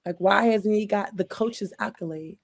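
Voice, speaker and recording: A woman's voice: mid-range voice, normal speed, creaky. A woman hosting a casual sports chat, talking emphatically with frequent restarts and repeated exasperated questions. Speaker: sports podcast host.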